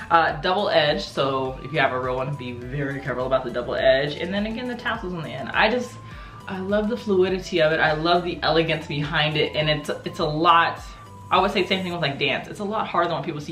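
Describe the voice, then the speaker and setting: Low-pitched American woman, relaxed and rambling, recorded in a roomy space. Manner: chatty, laughing, many fillers and restarts. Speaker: martial arts vlogger. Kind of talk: casual show-and-tell vlog.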